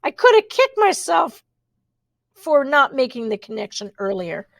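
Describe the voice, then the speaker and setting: A woman's voice: high-pitched, very animated, measured pace, vocal fry, fairly bright tone, no echo. Woman reading a children's book aloud. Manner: reads expressively, adds wry spoken asides. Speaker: storybook reader.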